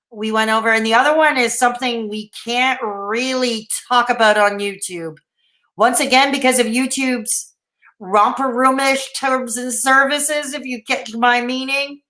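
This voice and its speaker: A woman's voice: fairly high pitch, sharp tone. A woman in her thirties from Canada hosting a rambling, casual late-night livestream, reading out and answering the live chat. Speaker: livestream host. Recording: echoey room.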